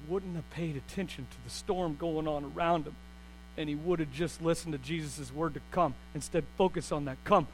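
A high-pitched man delivers a sermon with lively swings from soft asides to loud, excited bursts. A faint mains hum runs under his voice throughout. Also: poor audio. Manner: animated, swings from quiet to loud and fast. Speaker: pastor.

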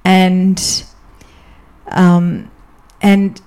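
A woman guest in a casual podcast conversation, speaking in a warm, mellow tone. She is candid and chatty, with frequent restarts and fillers, and her pitch jumps up when she tells a story. Her voice sits in an ordinary middle range. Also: unhurried. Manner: animated, often jumps up in pitch when telling stories. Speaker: guest, diplomatic spouse.

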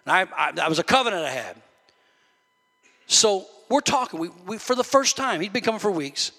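A man preaching to his church, storytelling that swells into loud, fervent preaching. His voice sits high and sounds bright and sharp. The sound carries a long reverb from the sanctuary. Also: lively intonation, a little fast. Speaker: pastor. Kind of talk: sermon.

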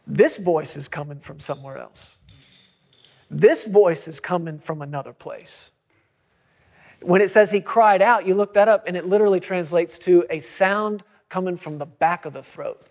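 A middle-aged man preaching a sermon as pastor, emphatic, driving points home with repetition and quick asides. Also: fairly high pitch, darkish tone.

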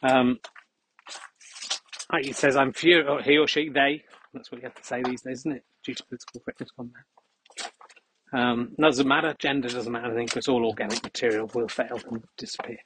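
Deadpan man rambling on a walk. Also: medium pitch, a little fast, long pauses, a little hiss or hum, rough recording. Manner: deadpan, absurd asides. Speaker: podcast host. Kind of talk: rambling comic monologue. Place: outdoors on a dog walk.

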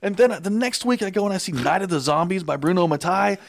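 Excitable man, slightly high voice. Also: fast talker, vocal fry. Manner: animated, excitable, acts out quotes. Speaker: guest. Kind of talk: casual storytelling.

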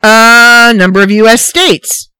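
A woman hosting a casual solo podcast, ranting in an animated, incredulous, rambling way. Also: a little high, slow pace, clean tone, no room sound. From Canada. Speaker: podcast host.

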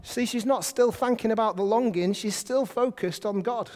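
A man preaching a sermon to a congregation in a lively, conversational way, often putting questions to them. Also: high-pitched, moderate pace. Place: church hall. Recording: hall reverb.

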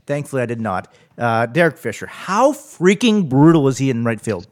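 A man co-hosting a casual sports podcast, telling stories in an animated way. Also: mid-range voice, fairly quick, few pauses. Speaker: podcast co-host.

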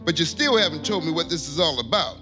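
A man playing a bossy high-voiced pastor. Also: quick pace, over music, lightly acted. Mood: concerned. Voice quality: high lively voice, brusque and commanding with his secretary. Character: bossy middle-aged male pastor, impatient. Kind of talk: church comedy drama acting.

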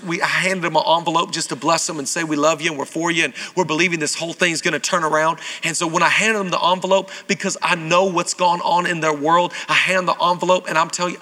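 Bright-voiced pastor preaching in a hall. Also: male voice, sits high. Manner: conversational preaching that builds to shouted exhortation. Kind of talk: sermon. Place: church auditorium. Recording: long reverb of a large hall.

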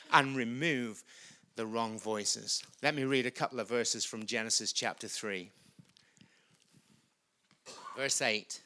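A man preaching a sermon in a church, earnest, rising loud and high when he speaks to people in the room. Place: church hall. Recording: preached over loud worship music.

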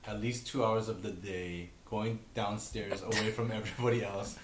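A young man with a fairly low voice, teasing his friend in dry, casual banter. The sound is roomy, with a faint hiss behind it. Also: steady tone, normal speed.

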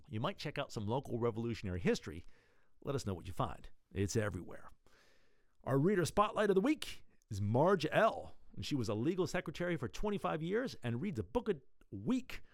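A man's voice: mid-range voice, no room sound, studio quality. A man hosting a newsletter podcast, reading items in a playful, jokey way. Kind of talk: casual scripted newsletter reading.

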